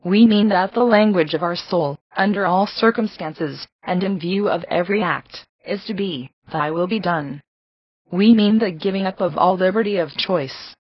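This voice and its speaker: A woman reads from a devotional book with a low, husky voice. Her delivery is measured, earnest and reverent. The recording is dry and slightly dull, with a lo-fi quality. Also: dry recording. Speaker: reader. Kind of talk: reading a devotional book aloud.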